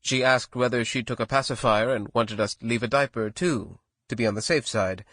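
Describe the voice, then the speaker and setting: Male audiobook narrator, measured, mid pitch, dry close recording. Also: fairly bright tone, dry recording. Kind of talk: scripted first-person narration.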